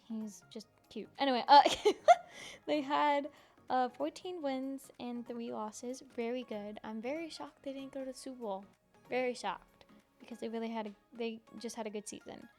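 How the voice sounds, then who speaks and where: A woman's voice: on the high side, darkish tone. A young woman hosting a casual solo podcast, gushing and giggling, with many ums and likes. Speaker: podcast host.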